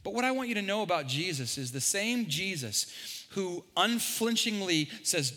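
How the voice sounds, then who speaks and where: A man preaching a sermon as pastor, animated and jokey, stumbling and repeating words. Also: high voice, normal speed. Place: large church hall. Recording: long hall reverb.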